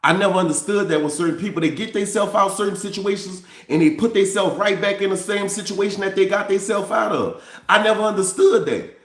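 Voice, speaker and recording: Speaking directly to viewers he calls y'all, this New Orleans man tells a candid, repetitive story as a vlogger. He talks briskly in a high voice, often restarting phrases, and the room is reverberant.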